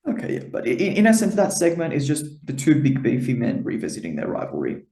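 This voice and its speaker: A man's voice: mid-range voice, wildly swooping pitch, fast, creaky, dark tone, roomy sound. A man of the Greek diaspora co-hosting a podcast, reading a wrestling recap with lots of "uh" and "um". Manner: reads recap with many fillers. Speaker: podcast co-host.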